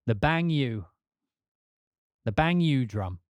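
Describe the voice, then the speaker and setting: A man hosting a casual live-stream, chatting and rambling while demoing music software. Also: mid-range voice, lively intonation, slow pace, dull audio, a little hiss or hum. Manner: chatty, rambling, laughs often. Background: music playing.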